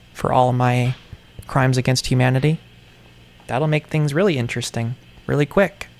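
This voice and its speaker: A man with an ordinary mid-range voice talks in a meandering vlog monologue. He jokes in a mock-villain way, repeats words, and drops into quiet mumbles. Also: mid-range voice, creaky. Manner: playfully menacing, meandering, self-mocking villain talk. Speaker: toy vlogger.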